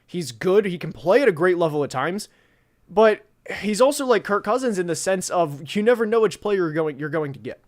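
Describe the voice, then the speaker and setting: A man's voice: high-pitched, lively intonation, normal speed. Rambling young man talking football. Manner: rambling, many fillers and restarts. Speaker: podcast host. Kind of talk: casual football talk.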